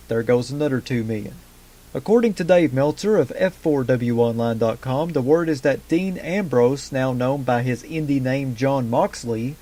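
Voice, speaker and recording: A man's voice: medium pitch, darkish tone. A man hosting a wrestling news podcast, reading the day's stories from a script and adding casual fan asides. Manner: brisk headline delivery with casual fan asides. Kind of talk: news roundup read from a script.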